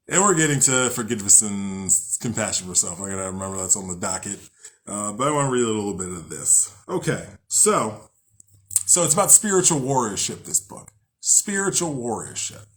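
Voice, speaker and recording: A man's voice: on the low side, lively intonation, brisk, a bit bright. A man hosting a casual spiritual talk, rambling, joking and swearing freely as he reads from a book. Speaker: host.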